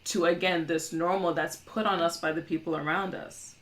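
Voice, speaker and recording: A woman talking as a guest on a podcast in an earnest, measured conversational way. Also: fairly low pitch, fairly even intonation. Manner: earnest, measured, quotes others. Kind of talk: casual conversation.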